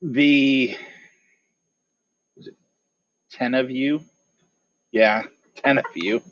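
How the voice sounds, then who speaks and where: Slow, halting male game master. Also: mid-range voice, fairly bright tone, dry recording. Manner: hesitant, many fillers and restarts. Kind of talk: narrating a tabletop game. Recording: dull lo-fi dry mic.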